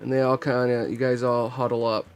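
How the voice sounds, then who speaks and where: A man narrating as game master in a casual, relaxed way. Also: medium pitch, a little fast, soft background music.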